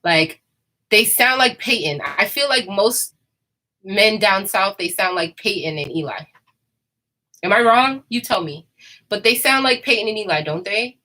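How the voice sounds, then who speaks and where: A woman's voice: mid-range voice, expressive, measured pace, bright, forceful tone, low-quality recording. A woman chatting casually and candidly, rambling and laughing often. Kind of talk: casual chat.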